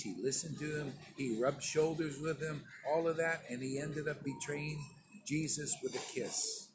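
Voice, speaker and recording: A man preaching to his followers in a loose, conversational sermon, stern and emphatic. His voice sits a little higher than most men's. A steady hiss of background noise runs under the recording. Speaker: spiritual teacher. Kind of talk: informal sermon to disciples.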